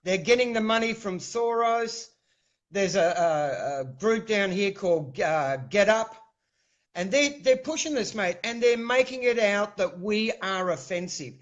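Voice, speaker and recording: A man's voice: high-pitched, expressive, unhurried. A man from New Zealand with a New Zealand accent, a guest on a video call, talking earnestly and often saying mate. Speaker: livestream guest. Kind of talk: casual call-in chat. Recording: dull lo-fi video call audio.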